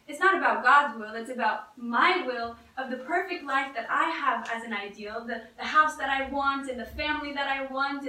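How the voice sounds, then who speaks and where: Recorded from a distance in an echoing church, a woman preacher with a high, bright voice delivers her message earnestly and conversationally, repeatedly restarting what she's saying.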